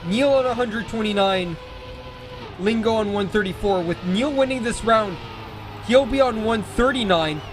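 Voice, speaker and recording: A man casting a racing esports match with play-by-play commentary, excitable and jokey, often correcting himself mid-call. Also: high-pitched, moderate pace, noisy background. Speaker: esports caster.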